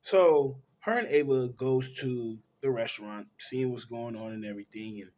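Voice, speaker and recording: A man reviewing a film, retelling the plot in a casual, animated way and correcting himself as he goes. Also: medium pitch, moderate pace. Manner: animated storytelling, correcting himself mid-sentence. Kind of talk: casual movie plot recap.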